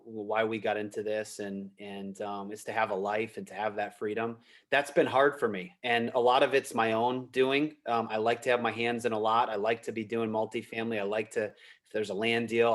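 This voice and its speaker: A man appearing as a guest on a podcast, a real estate investor telling stories about his business in a relaxed, animated way. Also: lowish voice, normal speed. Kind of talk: casual interview chat.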